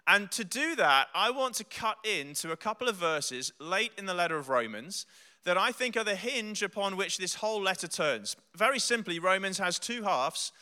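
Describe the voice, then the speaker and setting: A man's voice: on the high side, bright, forceful tone, clean tone. A man preaching a sermon as pastor, earnest and conversational, telling stories with asides. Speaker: pastor and theologian.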